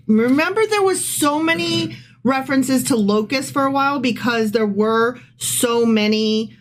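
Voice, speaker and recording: A woman's voice: sits high, unhurried. A woman co-hosting a podcast who reads scripture aloud and comments on it in a casual, sarcastic, irreverent way. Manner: sarcastic, irreverent, chatty with frequent "like". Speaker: podcast co-host.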